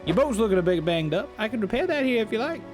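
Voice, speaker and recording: A man's voice: sits high, sing-song, fast talker, over music, pitched above the performer's own voice. A man reading the lines of a harbor shipwright in a fishing game in his own plain voice.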